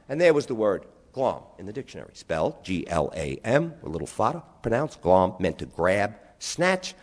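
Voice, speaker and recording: A man with a New York accent telling animated stories to an audience, spelling out words and acting out his family's voices. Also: lowish voice, normal speed, hardly any pauses. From New York, USA. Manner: lively, spells words out, acts out relatives' voices. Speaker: storyteller speaking to an audience. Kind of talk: animated storytelling talk.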